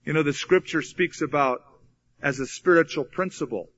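A man preaching a sermon as pastor, swinging between loud, stressed phrases and quiet asides. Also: on the high side, moderate pace. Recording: dull lo-fi sound.

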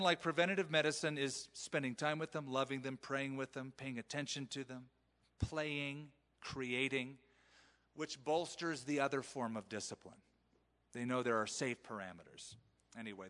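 A man's voice: mid-range voice, fairly bright tone, in a large hall. A male pastor preaching in a conversational sermon style, acting out the quoted voices of parents. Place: church sanctuary.

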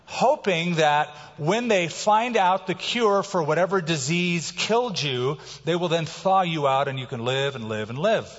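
A pastor with a slightly higher voice preaches a sermon expressively, shifting between hushed, slowed passages and sudden loud bursts of emphasis. The audio sounds a bit dull, and his voice trails off into a long reverb, as if in a church sanctuary.

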